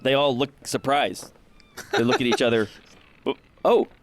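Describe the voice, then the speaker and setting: A man narrating as game master in a tabletop game, with halting delivery full of filler sounds. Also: mid-range voice, steady tone, a bit bright.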